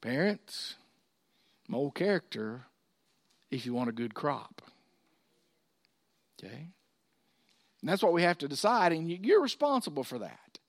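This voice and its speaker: A man's voice: a little high, sing-song, unhurried, long pauses, no echo, studio quality. A middle-aged man, preaching a sermon in a folksy, conversational way with asides to his congregation. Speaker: pastor.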